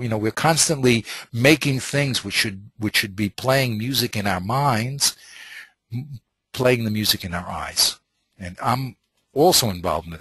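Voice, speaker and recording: A man's voice: lowish voice, fairly bright tone, breathy edge, dry recording. A man teaching a Talmud class in an informal lecture style, thinking aloud with many restarts and Hebrew and Yiddish terms.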